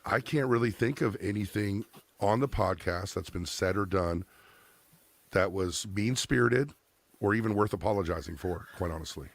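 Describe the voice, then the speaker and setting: Brief: man, lowish voice, calm reassuring co-host, slightly off-mic. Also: moderate pace. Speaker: podcast co-host.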